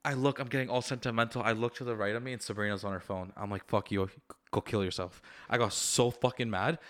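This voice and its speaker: A young man talking quickly on a casual podcast, with a voice of ordinary pitch for a man. He tells his stories with animated energy and a steady stream of profanity. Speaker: podcast co-host.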